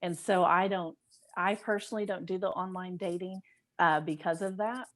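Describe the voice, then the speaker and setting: A woman's voice: lowish voice, fairly even intonation, normal speed, fairly bright tone. A woman on a panel discussion, speaking candidly and reflectively.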